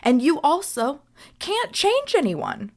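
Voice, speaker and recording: A woman's voice: sits high, huge pitch swings, takes it slowly. A young woman hosting a reflective solo podcast as a coach, speaking earnestly and often checking in with "right?".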